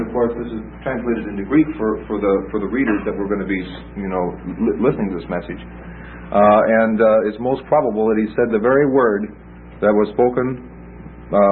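A man teaching a Bible class, explaining texts with emphasis and taking questions from students. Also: fairly low pitch. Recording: tinny lo-fi recording with hiss.

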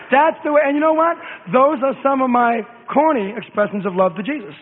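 A man preaching a sermon, rambling and fervent, swinging between hushed asides and shouts. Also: very high voice, lively intonation, brisk, few pauses, slight background noise. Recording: echoey hall on a tinny phone-like line.

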